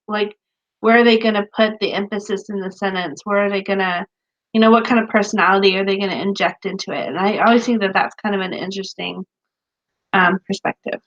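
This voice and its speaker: A woman in her thirties or forties co-hosting a casual chat about writing, animated and full of fillers, laughing often. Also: mid-range voice. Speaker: podcast co-host, author. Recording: dull lo-fi sound.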